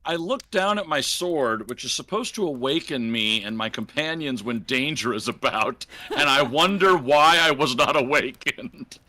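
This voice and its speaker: A man playing a tabletop game in character, formal and measured. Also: mid-range voice, lively intonation, sharp tone, no room sound. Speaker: player.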